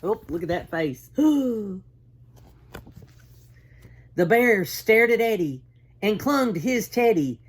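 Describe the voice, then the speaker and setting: A woman's voice: mid-range voice, slow, pauses often, slightly rough. A kindergarten teacher reads a picture book aloud to young children. Her voice climbs and dips expressively as she chats directly to the kids, and she takes her time with every word. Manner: warm, animated, talks directly to kids. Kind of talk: storybook read-aloud for children.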